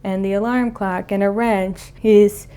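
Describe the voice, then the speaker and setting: A young woman casually retells a cartoon plot, rambling with lots of fillers and chuckling now and then. Her mid-range voice is steady, dark and clean, at a measured pace.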